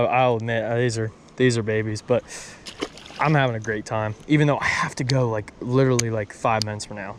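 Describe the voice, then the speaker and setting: A young man hosting a fishing vlog, excitable and flustered as he talks to his viewers outdoors. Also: mid-range voice. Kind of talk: casual fishing vlog talk. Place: outdoors by the water. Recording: noisy outdoor recording with wind.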